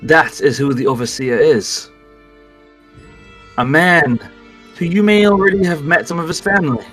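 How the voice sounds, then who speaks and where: A man voicing a playful male villain who calmly taunts his captives. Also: on the high side, normal speed, faint music behind, pitched above the performer's own voice, lightly acted, low-quality recording. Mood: storytelling. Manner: calm, taunting, theatrical.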